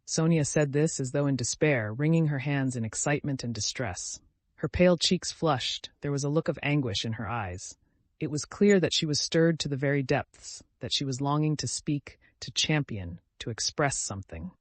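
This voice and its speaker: A man narrating a classic novel in a measured, literary storytelling manner. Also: medium pitch, dry recording. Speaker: audiobook narrator. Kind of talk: scripted narration.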